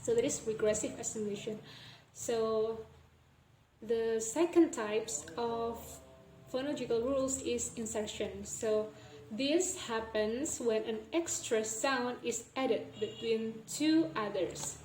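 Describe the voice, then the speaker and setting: A young woman walks through a linguistics lesson at a slow, careful pace, pausing and correcting herself as she goes. Her voice sits a bit high and mellow. The recording is roomy and echoey, with faint background noise. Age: young adult. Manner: slow, hesitant, self-correcting. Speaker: student presenter.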